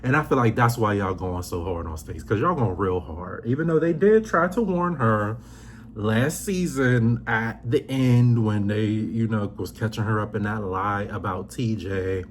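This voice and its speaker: A man hosting a casual reality TV recap, talking sassy and animated, acting out quotes in high voices. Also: moderate pace, a little hiss or hum. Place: indoors, seated on a squeaky chair.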